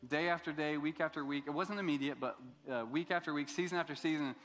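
Middle-aged male pastor; relaxed, joking storyteller who acts out quotes; mid-high voice with long hall reverb. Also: fast, few pauses, soft background music. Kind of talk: sermon.

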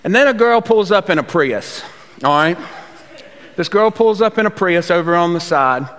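A fairly high-voiced man preaches a sermon, telling it like a folksy, conversational story. His words ring out with a long hall reverb behind them. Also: lively intonation, moderate pace, fairly bright tone. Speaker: youth pastor.

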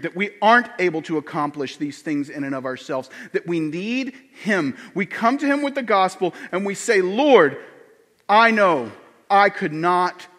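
A man pastor preaching a sermon, animated, acting out quoted voices with big swings in pitch and loudness. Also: in a large hall.

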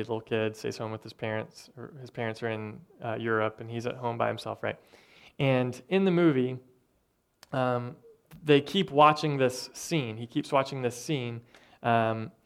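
A man preaching a sermon with earnest, conversational delivery and thoughtful pauses. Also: medium pitch, clear, resonant tone. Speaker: pastor.

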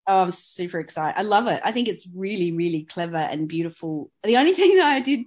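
A woman co-hosting a podcast, chatting casually in an expressive, self-deprecating way. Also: fairly low pitch, fairly quick. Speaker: podcast co-host. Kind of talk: casual chat.

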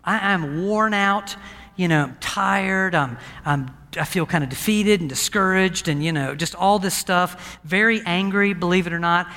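High, bright-voiced pastor preaching in a hall. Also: male voice, moderate pace. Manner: storytelling, conversational and animated. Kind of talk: sermon. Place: church sanctuary with a balcony. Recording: church hall reverb.

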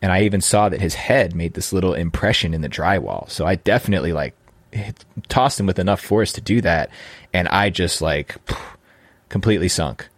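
A man's voice: low voice, a little fast, husky, no room sound. A man in his thirties, a podcast host, earnestly telling a personal story about fatherhood with frequent restarts.

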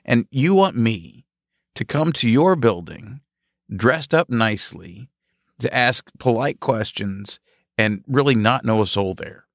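Male podcast host, gravelly low voice, dry sound, relaxed and wry. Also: slow, dry recording. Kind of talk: conversational podcast talk.

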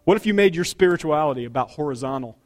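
Brief: middle-aged male pastor, high tenor voice, punchy preaching that drops low and rises loud. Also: lively intonation, fast talker, soft background music. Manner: emphatic preaching with sudden loud and quiet turns. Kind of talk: sermon. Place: church sanctuary.

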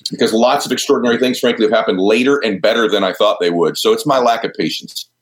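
Man in his fifties, deep voice, earnest, emphatic, interview guest. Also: fast. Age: 50s. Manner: earnest, emphatic, openly vulnerable. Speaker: guest speaker and entrepreneur. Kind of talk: candid interview conversation.

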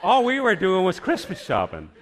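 A male preacher shares his personal testimony like a lively storyteller, keeping a moderate pace. He frequently drops into a hushed, low voice.

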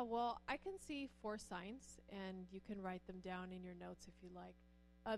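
Addressing a church audience, a middle-aged pastor's wife recounts personal stories and performs the voices of the people in them. She tells them with animation, pushing her pitch up whenever she quotes someone.

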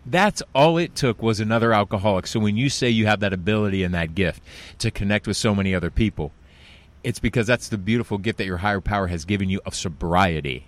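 A male host holding an interview, sharing personal stories in an earnest, animated way. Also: fairly low pitch, quick pace. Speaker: podcast host.

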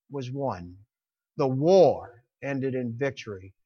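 Impassioned preacher man, slow and lo-fi. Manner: impassioned, rising to loud emphatic peaks then dropping low; stumbles and repeats words. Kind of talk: sermon.

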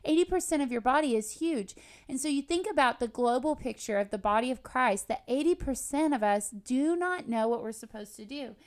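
A woman's voice: high-pitched, animated, fairly quick. Earnest woman teaching on a faith podcast. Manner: earnest, conversational, personal storytelling. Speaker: podcast host and Bible teacher.

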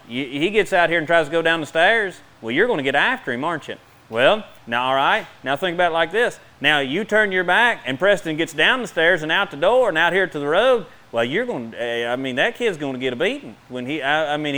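A middle-aged man preaching a sermon in a fast, folksy way, with bursts of emphasis between quick asides. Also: a little high, fairly bright tone.

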